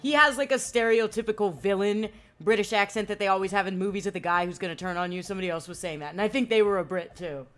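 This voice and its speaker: A woman's voice: mid-range voice, quick pace, few pauses, a bit bright. A young woman streaming a game, chatting casually and rambling with lots of "like" and cursing. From United States. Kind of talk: casual gaming commentary. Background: faint game music.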